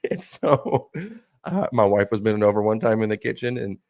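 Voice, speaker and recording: A man with a fairly low voice tells loose, profane stories in a podcast chat. He is animated and laughs easily. The sound is close and dry, with no room echo. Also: moderate pace. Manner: profane, animated storyteller who laughs often. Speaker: podcast co-host. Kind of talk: casual chat.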